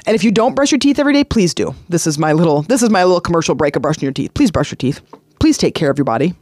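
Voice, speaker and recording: A woman's voice: on the low side, very animated, very fast, darkish tone, no echo, clean studio sound. A middle-aged woman hosting a self-help podcast, talking in an earnest, conversational way that repeats points and slips into sing-song emphasis. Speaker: podcast host.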